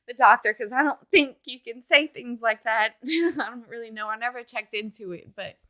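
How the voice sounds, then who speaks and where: A woman in her thirties from Louisiana, telling a personal story in a halting, emotional way and retelling conversations with "I was like.". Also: a little high, sharp tone, poor audio. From Louisiana, USA. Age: 30s. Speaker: interviewee sharing a personal story. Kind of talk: casual spoken recollection.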